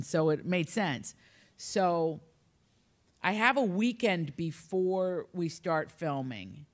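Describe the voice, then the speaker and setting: A woman author from Appalachia, telling humorous, rambling anecdotes in a relaxed conversation. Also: fairly low pitch. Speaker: author guest. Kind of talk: storytelling in conversation.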